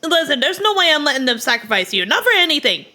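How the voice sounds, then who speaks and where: A woman's voice: high-pitched, big pitch swings, fast talker, pushed and bright, pitched above the performer's own voice, heavily acted. A woman voicing an earnest, protective young heroine while reading game dialogue aloud.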